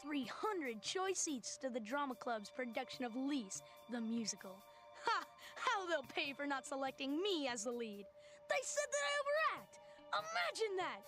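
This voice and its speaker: A woman voicing a theatrical, vengeful schoolgirl schemer in an animated series, overdramatic and hammy. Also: high voice, moderate pace, faint music behind. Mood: melodramatic. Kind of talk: cartoon voice acting.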